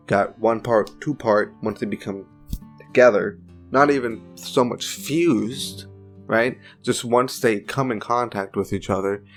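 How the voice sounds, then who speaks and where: A man giving a casual opinion monologue for a video, informal and chatty with joking side remarks. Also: fairly low pitch. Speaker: video commentator.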